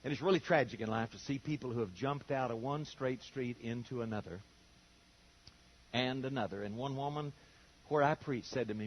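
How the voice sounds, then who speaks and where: A man's voice: medium pitch, normal speed. An older man preaching a sermon in a folksy storytelling way, acting out the voices of the people he quotes.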